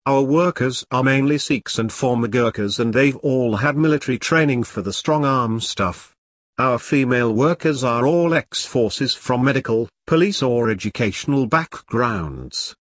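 A man's voice: mid-range voice, no room sound. A man voicing a fierce, foul-mouthed woman in an audiobook, speaking bluntly and defiantly. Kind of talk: audiobook character reading.

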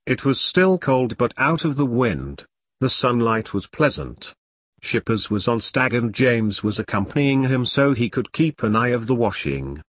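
An audiobook narrator, a man with a mid-range voice, reads a scripted story aloud in steady, measured narration. The recording is studio quality with no echo.

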